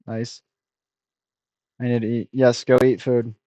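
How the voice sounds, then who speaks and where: A man's voice: medium pitch, little pitch movement, unhurried, dark tone, no room sound. Blunt rambling young man, dry sound. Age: 20s. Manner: blunt and self-critical, rambling with restarts. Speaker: streamer reacting to a review video. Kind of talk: casual rambling reaction commentary.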